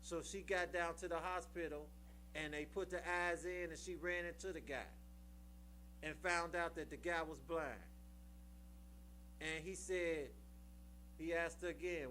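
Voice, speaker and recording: High, bright-voiced man telling stories. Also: a little slow, slight background noise. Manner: colloquial, tags lines with "right?"; preachy, repeats phrases for emphasis. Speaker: speaker at a recovery meeting. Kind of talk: storytelling share at a recovery meeting.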